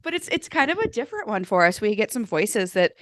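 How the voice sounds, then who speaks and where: Woman podcast cohost, lots of ums and likes, mid pitch, super dry close mic. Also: very animated, fast talker, fairly bright tone, no echo. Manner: chatty, many ums and likes, laughs easily. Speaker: podcast co-host. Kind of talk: casual podcast chat and reading guest bios.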